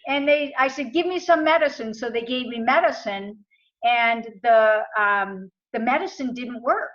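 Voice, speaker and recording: Casting: American woman, higher voice, animated storyteller, lo-fi audio. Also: unhurried. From USA. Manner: animated retelling with quoted dialogue. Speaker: interview guest. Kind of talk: casual storytelling. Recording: muffled lo-fi audio.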